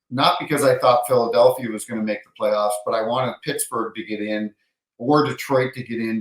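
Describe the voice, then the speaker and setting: A middle-aged man, an NHL referee, telling an animated hockey anecdote in casual storytelling, acting out the voices of others. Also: fairly low pitch. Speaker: NHL referee, podcast guest. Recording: roomy echo.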